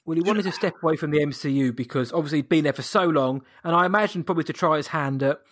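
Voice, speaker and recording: A man co-hosting a casual chat in a measured, thoughtful way with dry humor. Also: fairly high pitch, no echo. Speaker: podcast co-host.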